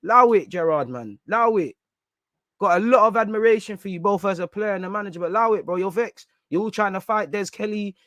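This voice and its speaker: Loud mocking football ranter. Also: male voice, high-pitched, fast, no echo, clean studio sound. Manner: loud, mocking, slangy, reads quotes aloud sarcastically. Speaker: football fan channel host. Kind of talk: live reaction rant.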